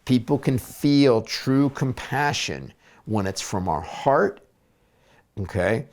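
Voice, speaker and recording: A man talking as a therapist and spiritual coach in a reflective video blog, gentle and searching, with many fillers and restarts. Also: on the low side.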